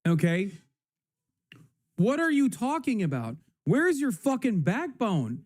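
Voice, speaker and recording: A man's voice: high-pitched, huge pitch swings, unhurried, long pauses. A man ranting angrily on a live stream, swearing often and emphatic. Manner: angry, profane, emphatic.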